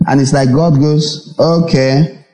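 An unhurried Nigerian man with a high-sitting voice preaches a sermon as a pastor, faint music behind him. He is animated, repeating phrases and acting out small dialogues, and the church hall recording is echoey and reverberant.

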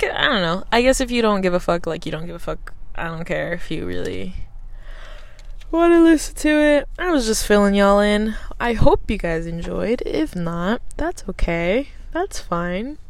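A woman's voice: mid-range voice, lively intonation, normal speed, creaky. A woman in her twenties hosting a casual solo podcast, rambling and swearing a lot in an offhand, self-mocking way. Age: 20s. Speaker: podcast host.

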